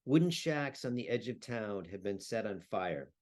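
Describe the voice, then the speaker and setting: Male historian, lowish voice, measured delivery with hesitations, gives a talk and reads. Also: animated, a little mellow. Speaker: historian and translator. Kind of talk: talk with a read-aloud excerpt.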